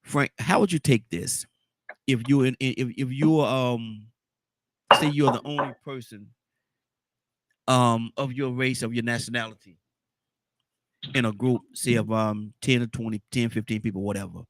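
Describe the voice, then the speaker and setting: Man hosting a call-in show, mid pitch, dry close mic, loose and repetitive delivery. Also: fairly even intonation, moderate pace, pauses often, no room sound. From Atlanta, Georgia, US. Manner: repetitive, rambling, laughs often. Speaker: talk show host. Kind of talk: call-in radio talk show.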